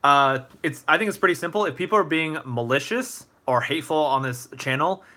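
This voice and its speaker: A young man hosting a casual live Q&A stream, answering viewer questions in a relaxed, thoughtful way with many fillers and restarts. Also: on the high side, brisk.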